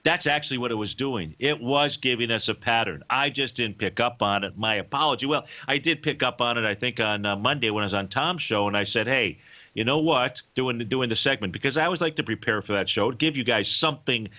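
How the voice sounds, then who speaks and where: A man's voice: medium pitch, fairly quick, bright, forceful tone. A man hosting a live financial talk show, explaining market cycles in a casual, rambling way with many fillers. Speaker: radio show host, market analyst.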